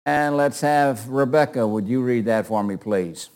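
A man's voice: medium pitch, measured pace, darkish tone. An older man teaching a Bible class in a conversational way, asking questions and calling on readers.

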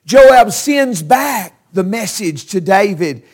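A man's voice: high-pitched, expressive, slow, darkish tone. A man preaching a sermon, retelling a Bible story with emphatic storytelling that stresses key words.

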